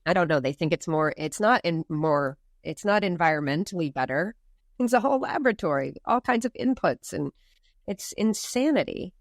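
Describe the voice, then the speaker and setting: A woman from the United States speaking as a podcast guest, animated and emphatic, with many rhetorical questions. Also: fairly low pitch, moderate pace, no echo, studio quality. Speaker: farm movement founder, guest. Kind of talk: podcast interview.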